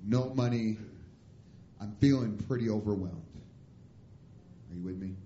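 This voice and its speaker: A man preaching a comic, animated storytelling sermon as a missionary in a church, acting out the dialogue. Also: fairly low pitch, unhurried, a little hiss or hum. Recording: roomy church hall, dull lo-fi sound.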